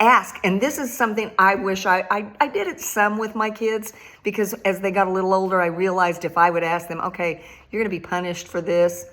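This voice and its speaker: A woman's voice: fairly low pitch, a bit bright. An older woman and grandmother giving a casual devotional talk, laughing often and repeating phrases for emphasis. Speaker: Christian speaker.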